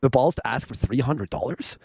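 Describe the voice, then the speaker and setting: A man co-hosting a livestream, excitable and quick to laugh and swear. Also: mid-range voice, gravelly, breathy edge. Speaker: stream co-host. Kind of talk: casual commentary chat.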